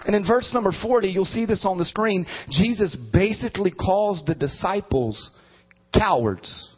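A man in his thirties preaches a sermon, his high voice husky and edged with breath. He swings from playful asides to shouted, drawn-out emphasis. The recording sounds dull and lo-fi. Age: 30s. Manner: animated, rising to shouted emphasis.

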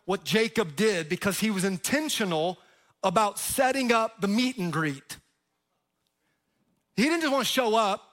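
A male pastor preaching a sermon, emphatic, with sudden loud rises and drops, joking with the crowd. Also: sits high. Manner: jokes with the crowd.

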